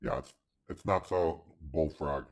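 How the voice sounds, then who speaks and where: A man testing deep male voice-changer presets, from a demonic voice to an old man, judging each one aloud. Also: unhurried. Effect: deep male voice-changer filter. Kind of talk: live stream voice-changer demo.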